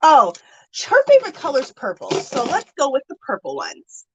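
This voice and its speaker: A woman's voice: high voice, huge pitch swings, normal speed, noisy background. A woman hosting a casual craft live stream, gushing thanks to viewers and counting aloud.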